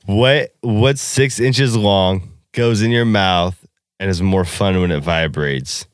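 A man's voice: low voice, takes it slowly, clean tone, no echo, clean studio sound. A man co-hosting a podcast, brash and joking in crude casual banter during a drinking game. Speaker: podcast co-host.

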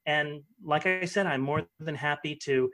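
Animated male interview guest, gossipy storyteller, fairly high voice. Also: a little slow. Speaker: guest, former ballet dancer. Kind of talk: casual interview chat.

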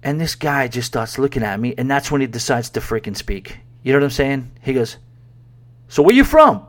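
A man's voice: medium pitch, a little fast. A man from New York hosting a podcast, telling a long story in a casual, rambling way with lots of fillers. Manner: rambling, conversational, many fillers. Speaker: podcast host. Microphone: podcast microphone.

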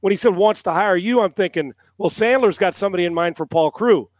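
A man's voice: high voice, fast talker, dry recording. A middle-aged man, a former quarterback and analyst, telling a long story on a podcast, acting out quotes and swearing casually.

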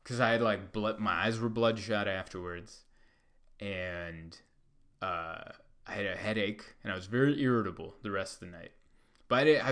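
A man, a comedian, telling a long story in a rambling way with many fillers and loud bursts when he acts out other people. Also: low-pitched. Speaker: stand-up comedian. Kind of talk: storytelling monologue.

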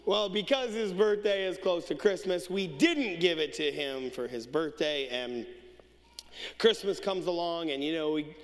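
Male pastor, high-pitched, conversational anecdotes that build to fiery shouted preaching. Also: expressive, unhurried. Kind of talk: sermon with humorous storytelling. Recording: long reverb of a large hall.

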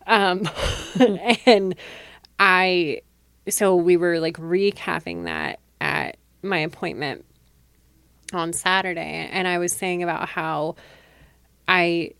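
A woman in her thirties talks through a personal story on a podcast, her voice sitting on the low side. She rambles casually, leaning on "like" and breaking into laughs often. The sound is dry and close, with no room around it. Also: fairly even intonation, takes it slowly, long pauses, a bit bright, smooth, dry recording. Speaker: podcast host. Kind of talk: casual chat.

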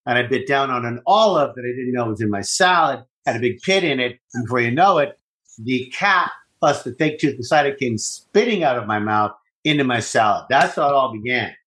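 A man co-hosting a casual podcast chat, telling stories in an animated, profane way. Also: mid-range voice, brisk, poor audio. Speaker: podcast co-host.

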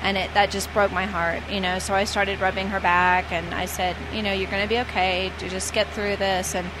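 A woman's voice: mid-range voice, level tone, brisk, noisy background. A woman who works as a flight attendant, telling stories in a casual, chatty way with many fillers and restarts. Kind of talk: casual storytelling.

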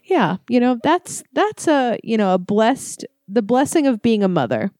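A woman's voice: on the high side, sing-song, a little slow, a little mellow, no echo, studio quality. A woman in her late twenties co-hosting a podcast, giggly and crude, telling dramatic stories. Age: late 20s. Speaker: podcast co-host. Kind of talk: casual chat.

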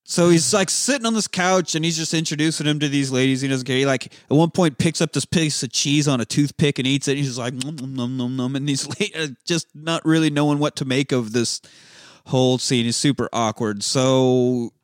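A man's voice: a little high, fairly even intonation, fairly quick, dry recording, studio quality. A man chatting casually about a film, retelling scenes in a rambling, laid-back way, swearing freely and acting out lines. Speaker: podcast co-host. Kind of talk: casual movie recap chat.

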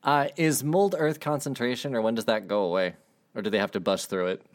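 A man running a casual tabletop game for friends as game master, playful and quick with asides. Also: medium pitch.

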